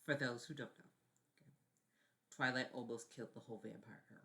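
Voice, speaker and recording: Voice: medium pitch, fairly even intonation, fast talker, creaky, bright, forceful tone. A vlogger ranting casually about favorite films, rambling, repeating words, swearing and often apologizing. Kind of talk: casual film-review vlog.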